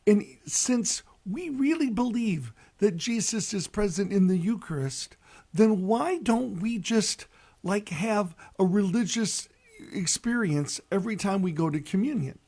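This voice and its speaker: A priest giving a folksy, earnest radio reflection and telling a story, with many "you know" asides. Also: male voice, high-pitched, animated, measured pace, darkish tone.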